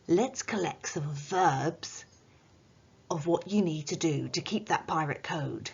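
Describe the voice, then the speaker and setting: Slow, husky woman teaching children. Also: low voice, lo-fi sound. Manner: slow, sing-song teacher delivery with occasional playful pirate voice. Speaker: primary school teacher. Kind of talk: recorded remote writing lesson for children.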